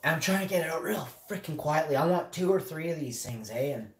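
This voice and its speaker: A man's voice: on the high side, animated, quick pace. A man telling a casual story to camera, rambling with lots of fillers, restarts and swearing. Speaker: vlogger. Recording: roomy echo.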